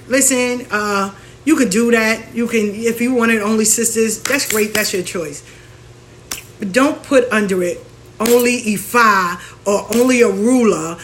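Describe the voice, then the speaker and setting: A woman, hosting and talking casually, telling stories in an animated way and acting out the people she quotes. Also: mid-range voice, slight background noise. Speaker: spiritual practitioner and host. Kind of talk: casual monologue.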